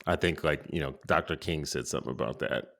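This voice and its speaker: A man co-hosting a podcast in relaxed, casual chat, sometimes reading a passage aloud. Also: very deep voice, quick pace, vocal fry. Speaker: podcast co-host.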